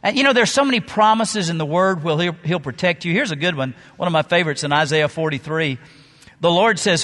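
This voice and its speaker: A middle-aged male pastor preaching a sermon, telling stories with dramatic pauses and swings between loud and soft. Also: on the high side, animated. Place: church sanctuary. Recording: long reverb of a large hall.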